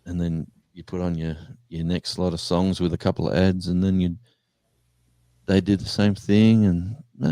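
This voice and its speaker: Deep gravelly man reminiscing. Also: dark tone, no echo. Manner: rambling storyteller, acts out voices in anecdotes, chuckles. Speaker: former radio presenter, show host. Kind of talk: casual live-stream chat.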